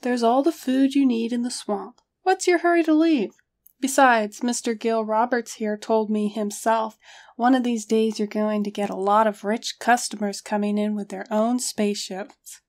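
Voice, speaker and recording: A woman voicing a gruff, drink-sodden has-been male hunter in a story reading, blunt and offhand. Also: fairly high pitch, steady tone, normal speed, darkish tone, close to an everyday voice. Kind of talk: audiobook character reading.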